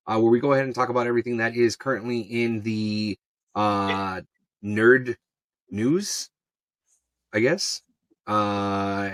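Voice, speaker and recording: A man's voice: medium pitch, fairly bright tone, no echo. Male podcast host, mocking banter, dry close mic. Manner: teasing, crude banter. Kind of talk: casual chat.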